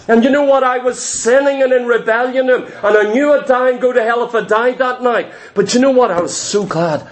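A man's voice: extremely high pitch, fairly quick, few pauses. A man preaching a fervent, confessional testimony in a sermon, repeating key phrases for emphasis.

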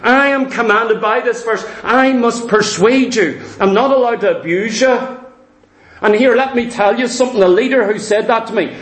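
A man's voice: very high-pitched, moderate pace, fairly bright tone, reverberant. A man preaching a sermon, speaking earnestly and with emphasis to his congregation.

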